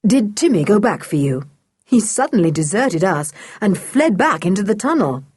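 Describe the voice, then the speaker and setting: Brief: measured middle-aged dad, read by a woman in a storybook, breathy tone. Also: medium pitch, sing-song, a little mellow, no echo. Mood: puzzled. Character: fussy middle-aged father and scientist.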